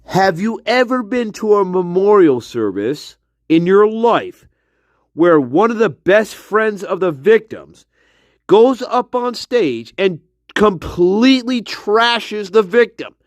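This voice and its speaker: A man's voice: sits high, expressive, slow, dry recording, clean studio sound. A man delivering an angry, profane monologue, mocking someone with scornful laughs. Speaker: commentator.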